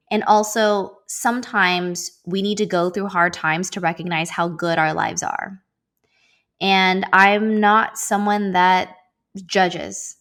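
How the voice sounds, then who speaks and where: A woman's voice: lowish voice, fairly bright tone. A woman in her thirties hosting her own show, talking in a heartfelt, rambling way about being present, with many fillers. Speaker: podcast host. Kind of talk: reflective casual monologue.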